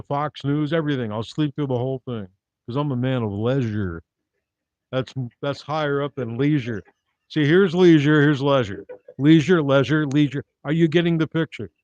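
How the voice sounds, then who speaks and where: A man doing live-streamed stand-up comedy, delivering wry, rambling one-liners in a deadpan manner. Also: mid-range voice, no echo. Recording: dull dry lo-fi recording.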